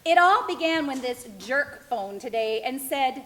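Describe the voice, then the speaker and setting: A middle-aged woman telling her own life story as a theatrical one-woman monologue, expressive and wistful. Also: high voice, measured pace, few pauses, low-quality recording. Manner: expressive, wistful, self-reflective. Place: stage.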